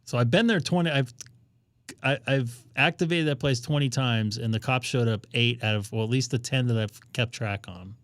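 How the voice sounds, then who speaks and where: A man's voice: mid-range voice, normal speed, dry recording. Man, ham radio stream host, jokey and rambling, dry close sound. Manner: joking, rambling, thinks aloud while browsing. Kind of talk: casual live-stream chat.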